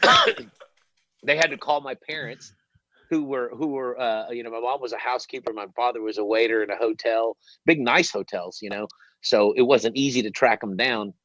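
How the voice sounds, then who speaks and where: A man hosting an interview, telling a long story in a rambling, animated way and swearing freely. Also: medium pitch, normal speed, no room sound. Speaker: host. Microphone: headset. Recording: dull lo-fi dry sound.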